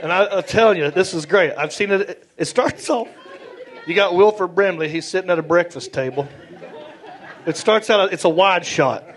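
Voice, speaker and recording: A male stand-up comedian performing a playful, animated set and talking with the audience, on a club stage with a handheld mic. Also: sits high, moderate pace. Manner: animated and playful, talks with the crowd. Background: audience laughter.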